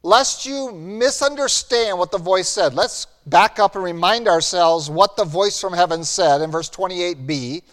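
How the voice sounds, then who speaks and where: A man preaching a sermon as pastor, earnest and building to animated emphasis. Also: high-pitched, unhurried, hardly any pauses. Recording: long hall reverb.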